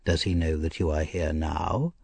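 A male narrator voicing an anxious, kindly old gentleman, earnest and measured, for an audiobook. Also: extremely low pitch, fairly even intonation, creaky, breathy edge, dry recording, pitched below the performer's own voice, full character voice. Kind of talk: audiobook character reading.

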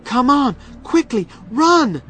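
A man's voice: high-pitched, very animated, a little slow, a little hiss or hum, pitched above the performer's own voice, heavily acted. A man doing a brave young boy. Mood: urgent. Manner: urgent and reassuring. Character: brave young boy leading a girl out of a cave. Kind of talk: storybook reading.

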